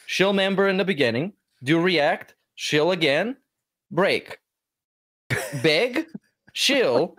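Guy cohosting a podcast, kinda higher voice, deadpan and critical, swears a lot. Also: slow pace, long pauses, no echo. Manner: critical, deadpan listing with profanity. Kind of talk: casual podcast chat.

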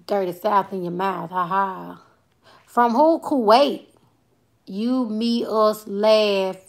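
Playful Southern woman in her twenties. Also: medium pitch. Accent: Southern US, Alabama. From Alabama, US. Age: 20s. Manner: loose, playful, talks straight to viewers with Southern slang. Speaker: comedian and livestream host. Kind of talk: casual livestream chat reading viewer comments.

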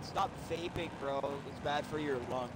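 A young man chatting loudly and excitedly while playing an online shooter with friends, yelping and laughing. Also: a little high, unhurried. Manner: loud, excitable, yelps and laughs. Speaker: gamer. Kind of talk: casual gaming chat. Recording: loud background noise.

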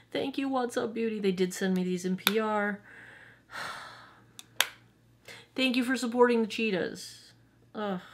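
A woman in her forties reviewing makeup in a casual, gushing and emotional way. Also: lowish voice. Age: 40s. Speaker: beauty vlogger.

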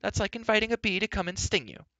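A man voicing an impatient, outspoken young girl, raising his pitch for her. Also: animated, quick pace, pushed and bright, no room sound, heavily acted, low-quality recording.

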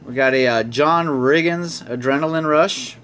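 Man, slightly high voice, chatty collector reading off cards, faint hiss under the camera mic. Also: moderate pace, fairly bright tone. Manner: chatty, reads card names aloud with small laughs. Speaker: sports card collector opening packs. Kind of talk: casual pack-opening commentary.

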